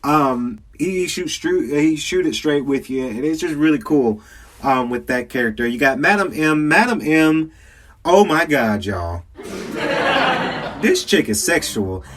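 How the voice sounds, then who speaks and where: Over faint background music, a young Southern-accented podcast host from South Georgia reviews a game on his own. He speaks a little slowly in a fairly high, fairly bright, animated voice, chatting and rambling with lots of fillers and laughing often.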